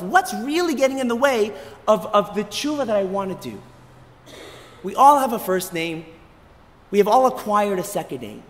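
A man giving an animated sermon as a rabbi, telling a story with emphatic repetition. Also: very high-pitched, long reverb tail. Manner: animated, emphatic, repeats words as he builds. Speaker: rabbi giving a short lecture.

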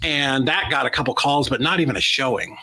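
This interview guest, an American real estate investor in his forties, has a mid-range voice and a brisk pace. He tells a story and animatedly acts out each character's lines. The low-quality recording carries a little hiss or hum.

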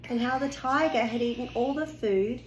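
A woman reading a picture book aloud to a child at home, playful and animated, often gasping and laughing. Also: a little high, normal speed. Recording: echoey room, faint background noise.

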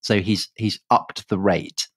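A man co-hosting a history podcast, telling the story in a relaxed, chatty way with frequent restarts. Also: on the low side, takes it slowly, breathy edge, dry recording. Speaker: podcast co-host.

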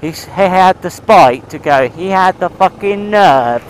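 Sweary biker rambling on a ride. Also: male voice, sits high, expressive, measured pace, slight background noise, rough recording. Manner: rambling, sweary, talks to himself and his bike. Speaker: motovlogger. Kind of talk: casual motovlog chat while riding. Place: outdoors on a motorcycle in town.

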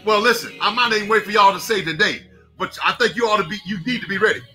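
A male pastor giving a fervent devotional sermon, calling out to listeners by name and now and then breaking into shouts. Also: high voice, quick pace, soft background music.

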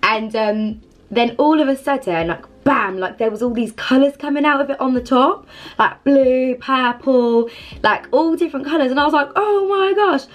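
Young woman vlogger, light high voice, effusive, loose casual chat. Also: normal speed. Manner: effusive, rambling, heavy use of "like". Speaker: Christian vlogger.

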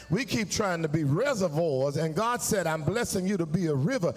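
Preaching live in a church, a male pastor with a fairly high, expressive voice moves at normal speed from quiet, confiding lines up to sung, shouted peaks. He calls out to the congregation for answers along the way, and the long reverb of a large sanctuary colours the sound.

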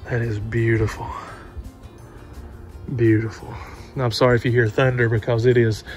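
A man narrating a casual hiking vlog outdoors on a handheld camera, excitedly pointing out the views to viewers, sometimes out of breath. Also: mid-range voice, moderate pace, music in the background. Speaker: vlogger. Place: outdoors at rocky overlooks.

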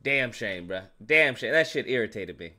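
A man casually reviewing a movie in an animated rant, slangy and repetitive, calling the listener "bro". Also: medium pitch, normal speed. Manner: animated, slangy, repeats himself, frequent "bro".

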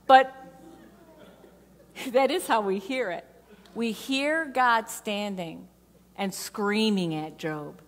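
A woman's voice: mid-range voice, takes it slowly, pauses often. A woman pastor preaching a sermon in a conversational, playful way. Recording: reverberant church hall.

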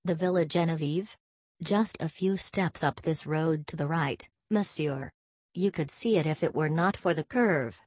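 A woman's voice: deep voice, unhurried, darkish tone, no echo. A woman reading the part of a simple, helpful peasant man in an audiobook. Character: plain rural French peasant man.

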